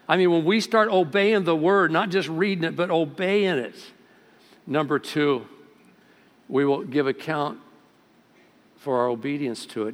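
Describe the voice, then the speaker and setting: Pastor, male, fervent sermon delivery that builds to loud peaks, long church-hall reverb. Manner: preaching with sudden rises in volume and pitch. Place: church sanctuary.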